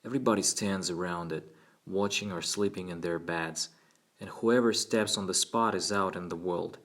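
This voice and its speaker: A man's voice: deep voice, fairly bright tone. David, a man playing a scared young boy. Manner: timid and halting. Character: frightened eight-year-old boy.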